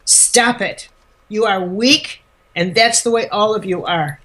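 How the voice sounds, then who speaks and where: A calm, defiant religious teacher who speaks with blunt authority and easy forgiveness, as a woman puts him on in her own mid-pitched voice. He talks in short, commanding sentences. The delivery is unhurried and firm. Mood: stern.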